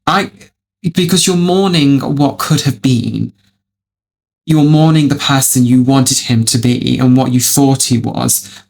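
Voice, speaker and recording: Gravelly man calling everyone darling. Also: medium pitch, unhurried, darkish tone. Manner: dramatic, calls the listener darling, swears freely. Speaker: reaction video host. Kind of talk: reacting to online stories.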